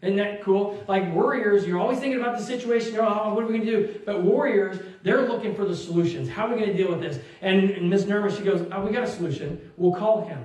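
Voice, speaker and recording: A man in his thirties delivers a sermon, and his voice sits high for a man. He tells a personal story with lively energy and acts out the people in it. The sound comes from a distant mic in a church with heavy echo. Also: fast talker, few pauses. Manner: animated storytelling, acts out quotes, laughs along. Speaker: pastor. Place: church sanctuary.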